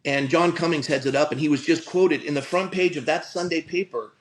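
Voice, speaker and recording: A man's voice: on the high side, brisk, a little hiss or hum, low-quality recording. A middle-aged man, a pastor, telling a personal story in an earnest, conversational way, often restarting his sentences. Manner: earnest, frequent restarts and stammered repeats.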